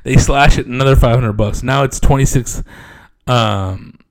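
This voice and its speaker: A man's voice: medium pitch, normal speed. A man telling a story in a casual, laid-back way, swearing freely and acting out other people's lines. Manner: laid-back and profane, peppered with "dude"; acts out other people's lines in raised voices.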